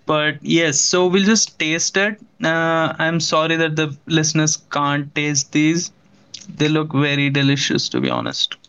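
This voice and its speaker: A podcast host chatting casually with a guest, excitable and quick to laugh. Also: medium pitch, smooth, lo-fi sound. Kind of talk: casual chat.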